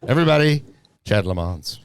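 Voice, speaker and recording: A man's voice: mid-range voice, expressive, fairly quick, vocal fry, background noise. A man hosting a casual podcast chat, rambling and laughing easily with lots of fillers. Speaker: podcast host. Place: studio.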